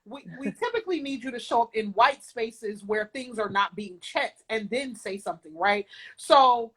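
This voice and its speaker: A woman speaking as a guest in a live video chat, animated and emphatic, often laughing and acting out quotes. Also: on the high side, normal speed, breathy edge, rough recording. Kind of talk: casual live-stream conversation.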